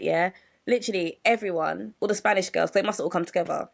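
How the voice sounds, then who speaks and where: Animated young woman telling a story. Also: on the low side, quick pace, gravelly. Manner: animated, acts out the people in her story. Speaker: podcast co-host. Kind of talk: casual storytelling chat.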